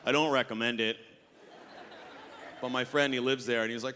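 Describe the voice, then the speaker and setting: A male stand-up comedian telling an animated story on a festival stage through a handheld mic. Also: medium pitch, moderate pace, pauses often, a little hiss or hum. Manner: animated, acts out voices. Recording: long reverb of a hall.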